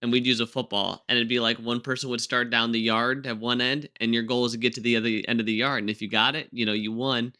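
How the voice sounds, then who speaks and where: Bright-voiced podcast host, a man. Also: medium pitch, flat delivery, fast talker, hardly any pauses. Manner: laughs easily, chimes in. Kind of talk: casual podcast chat.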